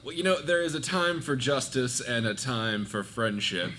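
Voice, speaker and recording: A man's voice: medium pitch, normal speed, sharp tone. A man playing a tabletop game live on stage, playful and mock-heroic. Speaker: player. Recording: noisy live recording.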